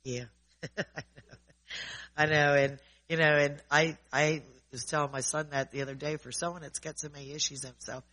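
A man's voice: on the high side, bright, forceful tone, poor audio. A man preaching informally in a conversational way, often checking in with his listeners.

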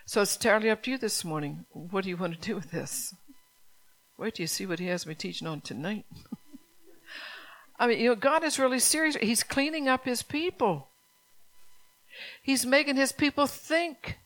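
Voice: medium pitch, expressive, moderate pace, long pauses, fairly bright tone. Stern, urgent preacher. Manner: stern, urgent preaching with repeated phrases and rhetorical questions. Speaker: pastor. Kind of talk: sermon.

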